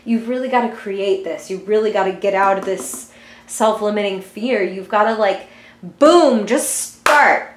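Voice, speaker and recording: Young woman, tarot reader, chatty and giggly, mid-pitched, echoey room. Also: measured pace. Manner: chatty, giggly, lots of filler words. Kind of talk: casual tarot reading video.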